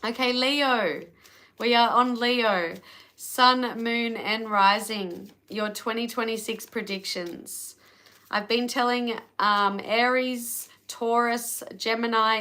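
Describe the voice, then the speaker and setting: Australian woman, tarot reader on a live stream, chatty and relaxed, bright tone. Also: fairly high pitch, slow. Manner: chatty, talks to live viewers between readings.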